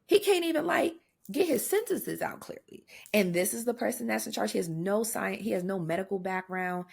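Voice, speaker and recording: A young adult woman co-hosting a podcast, talking in blunt, profane, animated rants in casual chat. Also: mid-range voice, brisk, vocal fry, breathy edge. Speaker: podcast co-host.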